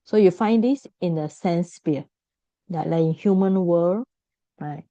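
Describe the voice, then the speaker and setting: Woman teaching, warm dull lo-fi sound. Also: fairly low pitch, unhurried, no room sound. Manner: explains patiently, repeats points, self-corrects. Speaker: Buddhist teacher. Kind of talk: teaching a class.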